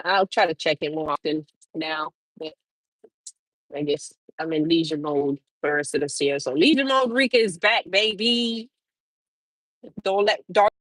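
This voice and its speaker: This trucker livestream host is a woman whose voice sits low, captured on a dry, rough recording. Casual and profane, she laughs often and banters with her chat.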